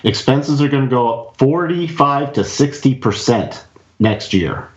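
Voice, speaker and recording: A man hosts an investing podcast and rattles off earnings figures before giving his take on the charts. His voice sits at a middle pitch, and the audio is dull and lo-fi. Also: animated, measured pace. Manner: reads out market figures, then comments on stock charts. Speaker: podcast host. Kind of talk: casual investing podcast chat.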